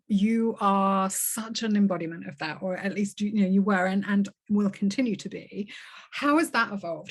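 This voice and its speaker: A woman hosting a podcast interview, reflective and affirming, often murmuring agreement as her guest talks. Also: medium pitch. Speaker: podcast host. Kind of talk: conversational interview.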